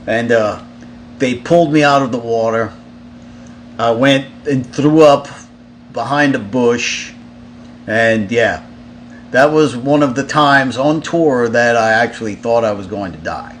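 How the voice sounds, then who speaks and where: A man's voice: medium pitch, unhurried, pauses often, a little hiss or hum. A man, a touring musician, casually telling a story in a loose, profane way, with lots of fillers and restarts.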